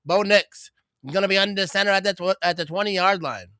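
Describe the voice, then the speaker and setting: A man from Wisconsin talks through a live game stream in a high, bright voice. He is loose and chatty, laughs often and tosses in "you know what I mean" again and again. The sound is dry and close, with no room echo. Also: fairly quick. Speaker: host of a live watch party stream. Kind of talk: casual live-stream commentary.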